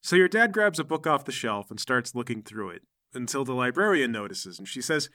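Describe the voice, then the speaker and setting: A man runs a tabletop game with a bright, forceful voice. His pitch swings widely as he narrates and jumps into the characters. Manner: lively, animated narration with quick character voices. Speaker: game master.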